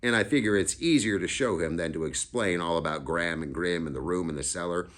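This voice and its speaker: Deep-voiced man telling a story casually. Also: a little fast, fairly bright tone. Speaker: audiobook reader. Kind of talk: reading a novel aloud in first person.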